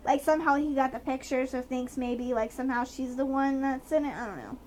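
A woman's voice: high-pitched, brisk, darkish tone, a little hiss or hum. A woman with a slight Southern accent, rambling chattily with fillers while recapping a TV episode as a podcast co-host. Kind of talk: casual chat recapping a TV episode.

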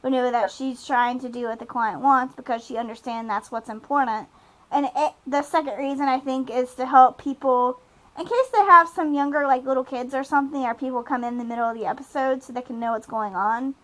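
This young adult woman's voice sits high, and she talks a little fast on a rough recording. Co-hosting a casual podcast, she goes over a TV episode in a rambling, giggly style with many fillers.

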